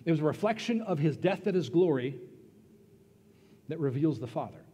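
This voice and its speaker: A man preaching a sermon as pastor, earnest and emphatic, pausing and then rising into bursts of stress. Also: on the high side, expressive, dark tone, husky. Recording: long reverb of a church hall.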